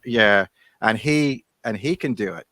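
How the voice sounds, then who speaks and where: A man co-hosting a podcast in casual chat, rambling and halting with many restarts. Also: fairly low pitch, expressive, bright, forceful tone, dry recording, studio quality. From Northern Ireland. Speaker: podcast co-host.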